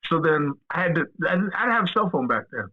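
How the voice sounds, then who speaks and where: A man, a podcast guest, telling stories casually in an animated, profane way and acting out the dialogue. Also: on the high side, fast talker. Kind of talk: casual storytelling. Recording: tinny phone-line audio.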